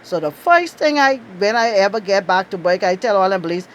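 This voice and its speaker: A middle-aged Bahamian woman with a Bahamian accent, telling a lively, outspoken story and laughing often. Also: brisk, highs cut off, slight background noise. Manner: animated, outspoken, laughs often, acts out quotes in high bursts. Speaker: travel storyteller. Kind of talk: casual storytelling.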